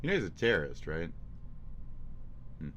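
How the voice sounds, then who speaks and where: A male streamer with a fairly low voice that leaps around in pitch, mocking and swearing through his live reaction commentary. He is excitable and talks off the cuff. A faint hum of noise sits under him. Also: moderate pace.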